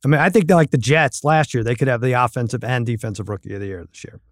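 A man's voice: mid-range voice, fast talker, no room sound, studio quality. A man co-hosting a podcast, giving opinionated, chatty takes on football teams. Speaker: podcast co-host. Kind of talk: casual sports betting chat.

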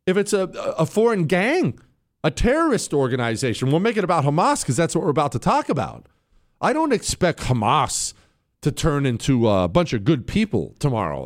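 An American man hosting a show, giving emphatic, fervent political commentary with drawn-out stresses. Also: on the high side, no room sound, clean studio sound. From United States. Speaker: host.

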